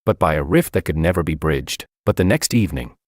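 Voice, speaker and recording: A young man narrating a first-person story in a calm, matter-of-fact way. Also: rumbling low, fairly quick, dry recording, studio quality.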